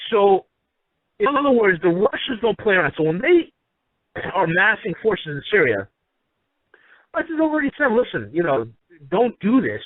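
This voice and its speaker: A man's voice: a little high, dry recording. Emphatic man on a tinny phone line. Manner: emphatic, rambling with restarts. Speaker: commentator. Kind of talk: opinionated monologue.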